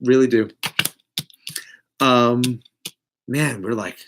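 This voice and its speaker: A man giving a casual live tarot reading, blunt and profane, with big swings in pitch and loudness. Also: very slow, noisy background. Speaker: tarot reader.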